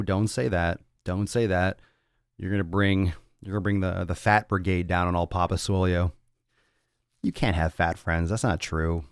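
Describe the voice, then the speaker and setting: A man's voice: deep voice, dry recording, clean studio sound. A man hosting a fitness podcast, ranting bluntly with lots of swearing and tough-love talk. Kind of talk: casual podcast rant.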